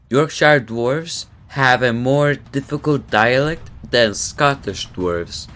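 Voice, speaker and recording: A man narrating a scripted explainer for a school project, deliberate and wry, with playful pauses. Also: mid-range voice, a bit bright. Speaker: student presenter.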